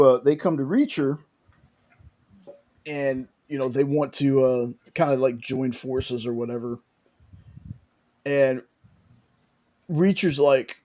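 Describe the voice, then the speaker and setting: A man's voice: medium pitch, warm tone. A man casually recapping a TV episode in a rambling way, with many restarts and fillers. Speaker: podcast host recapping a show.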